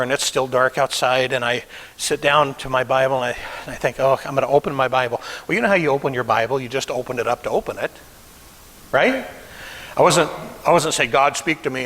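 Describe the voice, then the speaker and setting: A middle-aged male pastor delivers a sermon as a story, emotional and animated, acting out the voices of the people in it. His voice sits at a middle pitch and carries a long reverb from a church hall. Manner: emotional, acts out quoted voices.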